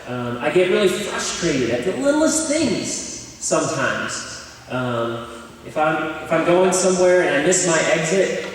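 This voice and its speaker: A man's voice: fairly high pitch, very animated, measured pace. A young man giving a joking, candid chapel talk, telling stories about himself to a crowd. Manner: joking, candid and self-deprecating. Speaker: chapel speaker. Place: large chapel hall. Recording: echoey hall, speaker far from mic.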